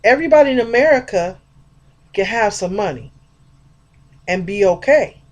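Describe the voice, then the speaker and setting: A woman's voice: medium pitch, animated, normal speed, lo-fi sound. Rambling, chatty woman vlogger. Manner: rambling and chatty, addresses viewers as y'all. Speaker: spiritual vlogger. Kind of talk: casual spiritual monologue.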